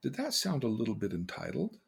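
An older man, a podcast host, earnestly telling personal stories, his voice swinging between loud and hushed. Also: medium pitch, huge pitch swings, a little fast, gravelly, slightly rough. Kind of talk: personal storytelling.

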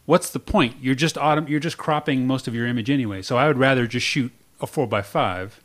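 A man's voice: mid-range voice, a little fast, fairly bright tone. A male podcast co-host in casual chat, opinionated and explaining his views.

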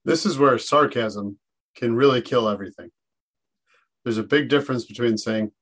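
A man's voice: medium pitch, moderate pace, a bit bright, breathy edge. A man co-hosting a teaching podcast, explaining classroom ideas in an earnest, conversational way and acting out things he says to students. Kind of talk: casual educational discussion.

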